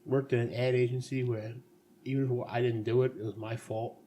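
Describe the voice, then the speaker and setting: A man's voice: medium pitch, flat delivery, a little fast, mellow, a little hiss or hum. A middle-aged man co-hosting a casual podcast chat, joking around and laughing often. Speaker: podcast co-host.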